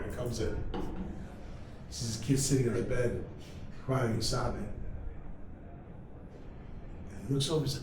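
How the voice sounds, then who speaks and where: Energetic rabbi lecturing in an echoey hall. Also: male voice, mid-range voice, normal speed, pauses often. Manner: energetic and humorous, with many rhetorical questions. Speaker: rabbi teaching a class. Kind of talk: lively classroom lecture with storytelling. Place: large study hall. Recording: very echoey hall, mic far off, faint noise.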